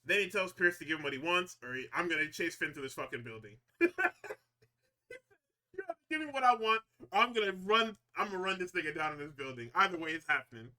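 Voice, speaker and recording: A man on a podcast giving a casual, profane wrestling recap. He gets excitable, laughs often and acts out the wrestlers' lines. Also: a little high, fast.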